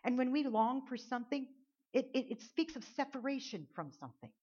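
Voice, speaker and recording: A woman with a fairly high voice preaches in an earnest, chatty way, restarting phrases as she drives her point home. The recording is dull and lo-fi, as if taped at a church service. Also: very animated, a little fast, a little mellow, breathy edge. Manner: earnest, conversational, repeats words while building a point. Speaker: pastor. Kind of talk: sermon. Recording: dull lo-fi sound.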